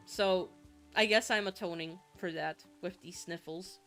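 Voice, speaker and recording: A young Finnish vtuber streams a game with faint music behind her, chatting in an unhurried, lowish voice that's a bit bright. She rambles casually, leaning on fillers, sniffling slightly, and swearing out of nowhere.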